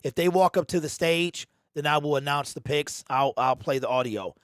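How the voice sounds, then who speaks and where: A man hosting a casual fan livestream, animated and slangy, talking straight to his chat. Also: on the high side, normal speed, clean tone, no room sound, studio quality. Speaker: livestream host.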